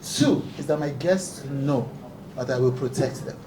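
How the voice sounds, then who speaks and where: A man's voice: medium pitch, a little slow, dark tone. A man, a talk show host speaking earnestly and emphatically at a press conference, often breaking into laughter. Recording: echoey room, distant mic, background noise.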